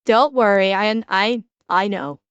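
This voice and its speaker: A woman streamer giving casual reaction commentary, excitable, swearing freely and laughing often. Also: medium pitch, a little slow, clear, resonant tone, no room sound, lo-fi sound.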